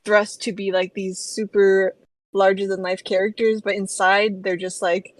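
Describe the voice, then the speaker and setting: Female co-host, casual and chatty, mid-pitched, dry recording. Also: level tone, measured pace, no echo, poor audio. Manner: chatty, many "like"s and "you know"s, laughs often. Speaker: podcast co-host. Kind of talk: casual book discussion.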